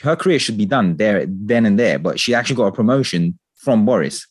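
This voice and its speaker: A man in casual political chat, talking with passion, swearing and ranting in an animated way. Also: fairly low pitch, brisk, husky, no room sound, clean studio sound. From England.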